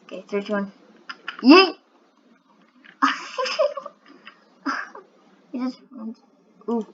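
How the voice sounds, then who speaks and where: A woman giving excitable, giggly commentary over her own gameplay, full of sudden exclamations. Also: fairly high pitch, slow pace, dull audio, slight background noise. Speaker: gaming channel host.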